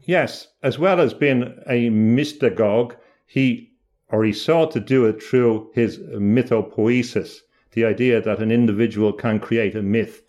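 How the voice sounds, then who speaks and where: A man's voice: mid-range voice, a little slow, a little mellow. A middle-aged man speaking about mystical ideas in a thoughtful, lecture-like way, often restarting and repeating words.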